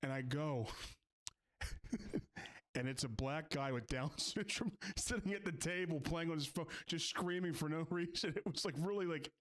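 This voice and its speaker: Sarcastic man ranting over a clip. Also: a little high. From Philadelphia area. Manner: sarcastic, mocking rant. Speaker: reaction video host. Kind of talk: reaction commentary.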